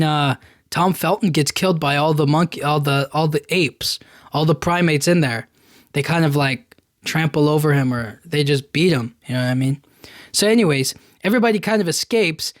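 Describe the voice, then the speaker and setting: A podcast host with a fairly high voice casually recaps a movie plot, rambling and full of fillers, often saying "you know what I mean." The recording is studio quality with no echo.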